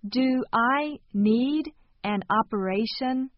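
A woman reading short phrases calmly, with careful enunciation, for a language lesson. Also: on the high side, slow, dry recording. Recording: dull, lo-fi sound.

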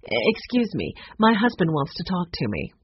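A guarded woman of about fifty talks in a brisk, clipped, cold manner, as a narrator puts her on. The voice has a husky edge and lively pitch. The recording is dull and lo-fi. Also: no echo.

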